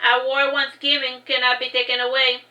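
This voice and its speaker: A woman's voice: sits high, completely flat delivery, moderate pace, bright, forceful tone, recorded from a distance, dull audio. A woman voicing a witty, blunt young female courtesan in a dry, teasing manner in her own storybook. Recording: roomy echo.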